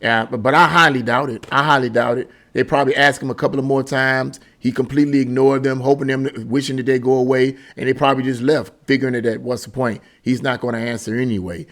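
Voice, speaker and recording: A man's voice: medium pitch, steady tone, quick pace, hardly any pauses, fairly bright tone. A male political commentator with a mid-range voice who speaks in an indignant, emphatic way. He presses his points by repeating words and phrases. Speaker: political commentary channel host.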